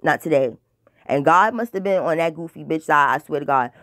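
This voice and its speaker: A woman's voice: low voice, animated, brisk, a bit bright, dry recording, studio quality. A woman telling a casual personal story in a blunt, profane, dramatic way, rambling with filler words. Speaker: storytime vlogger.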